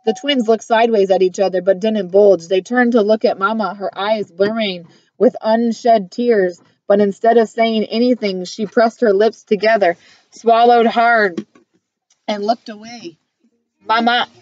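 A woman reading a first-person novel aloud in a measured, earnest storytelling manner. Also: mid-range voice, steady tone, a little mellow, no room sound, dull audio. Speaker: audiobook reader.

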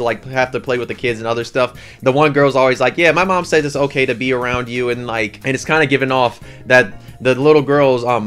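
A man giving a casual anime review with a slangy, excitable, rambling way of telling the story. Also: on the low side.

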